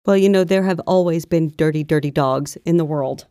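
A woman's voice: deep voice, a little fast, no room sound, clean studio sound. A woman co-hosting a podcast, chatting casually and reading diary passages aloud. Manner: chatty, reads quotes aloud in an even tone. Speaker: podcast co-host.

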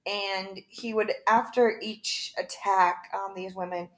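A woman's voice: mid-range voice, steady tone, slow pace, a bit bright, a little hiss or hum. A young woman co-hosting a podcast in casual chat, talky and full of fillers. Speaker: podcast co-host.

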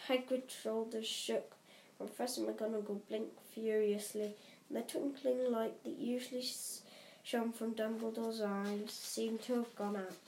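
Slow, mellow woman reading a storybook. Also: on the high side, fairly even intonation. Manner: slow, unhurried, occasional slips. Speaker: audiobook reader. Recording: roomy echo, faint hiss.

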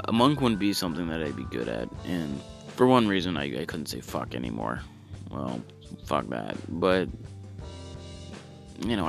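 A man performing a profane stand-up comedy monologue, with halting ums and stammered restarts, breaking into loud acted-out voices. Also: deep voice, vocal fry. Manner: profane, acts out loud shouted voices in bits.

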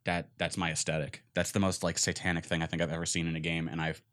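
Fast-talking and flat in delivery, this young podcast co-host has a low, slightly bright voice. He chats casually about video games, rambling with enthusiasm and plenty of fillers.

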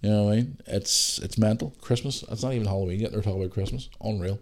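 A man's voice: fairly low pitch, fast. A man in his thirties with a Northern Irish accent, telling stories animatedly on his podcast. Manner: animated storyteller, swears mildly, acts out voices in anecdotes. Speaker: podcast host. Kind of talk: casual storytelling monologue.

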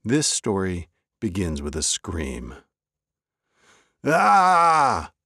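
A male host narrating a folk tale with a deep, slow voice. His pitch rises and falls expressively in a wry, measured storytelling manner. The recording is close and dry. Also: big pitch swings, dry recording.

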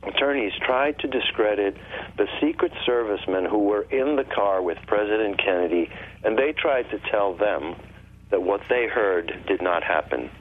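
A man's voice: lowish voice, animated, normal speed. A man talking on a radio show, explaining at length in an insistent way over a phone line. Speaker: guest. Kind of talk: radio call-in talk.

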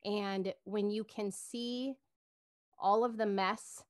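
A woman's voice: mid-range voice, steady tone, slow, smooth, dry recording, studio quality. A woman co-hosting a faith podcast in an upbeat, earnest, casual way, laughing easily. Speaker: podcast co-host.

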